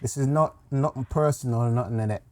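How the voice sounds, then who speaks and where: Toronto guy, podcast co-host, jokey banter, mid-pitched voice. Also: fairly quick, a little mellow. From Canada. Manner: joking, slips into a put-on Southern drawl.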